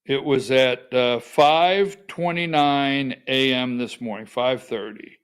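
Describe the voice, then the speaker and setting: A man's voice: mid-range voice, slow, hardly any pauses, smooth. A middle-aged man hosting a political talk radio show from a studio, folksy and calling on his producer for clips.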